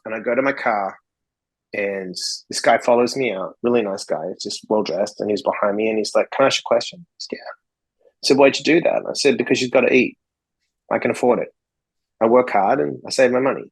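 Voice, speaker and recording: A man's voice: medium pitch, lively intonation, brisk, creaky, slightly rough, low-quality recording. A man from Australia, a podcast guest, telling stories bluntly and swearing freely as he acts out conversations. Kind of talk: casual interview storytelling.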